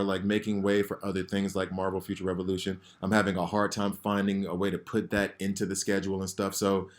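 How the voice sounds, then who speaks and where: Low-voiced guy vlogging from home, rambly and earnest, kinda emotional, lots of ums and restarts. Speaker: gaming channel host. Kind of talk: personal heartfelt vlog message. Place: home, sirens heard outside.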